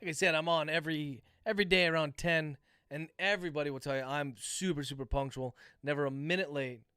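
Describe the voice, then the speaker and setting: Bright, crisp-voiced man dictating a novel. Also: on the high side, fast, no room sound, studio quality. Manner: dictates prose aloud, speaking punctuation marks; relaxed, chatty asides to viewers. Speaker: author.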